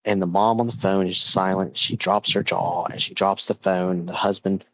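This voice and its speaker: A low-voiced man telling a haunted-object story in a chatty, animated podcast style. He leans on casual filler words as he builds the tension. The recording is dry and close. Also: moderate pace, dry recording, low-quality recording. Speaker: podcast host.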